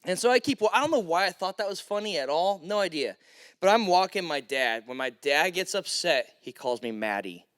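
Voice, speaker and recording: A man giving a youth sermon, telling stories and acting out voices with big pitch jumps. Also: expressive, a little fast, fairly bright tone. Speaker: youth pastor.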